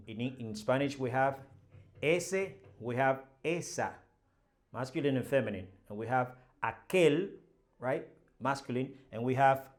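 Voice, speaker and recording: A man teaching a Spanish lesson, explaining each phrase patiently and repeating the examples with rising emphasis. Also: mid-range voice. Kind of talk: slow language lesson.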